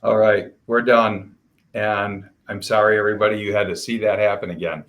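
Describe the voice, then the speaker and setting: A man with a very low voice hosts a casual interview. He is choked up and halting, repeating words as he tries to finish his thoughts. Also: steady tone, muffled recording. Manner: emotional, halting with repeated restarts. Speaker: podcast host.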